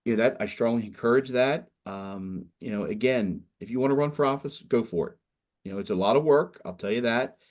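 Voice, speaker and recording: A man's voice: mid-range voice, a little fast, darkish tone. A middle-aged man speaking as a state senator to students, talking casually and rambling with frequent fillers. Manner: rambling, conversational, frequent "you know".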